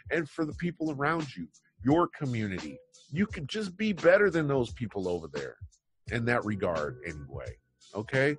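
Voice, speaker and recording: A man hosting an online news show, talking casually and rambling through his opinions with wry asides. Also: medium pitch. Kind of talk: casual commentary on news headlines.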